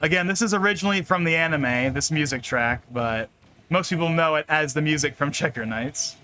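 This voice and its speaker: A man's voice: a little high, fairly quick, pushed and bright, soft background music. A young man chatting casually on a live stream while playing a game, rambling, laughing often and repeating words.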